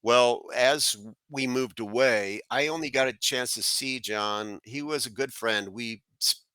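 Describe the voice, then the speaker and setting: A man's voice: medium pitch, measured pace, sharp tone, clear, resonant tone, dry recording. A middle-aged man from South Florida, a guest telling a rambling personal story full of fillers and restarts. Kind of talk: casual storytelling.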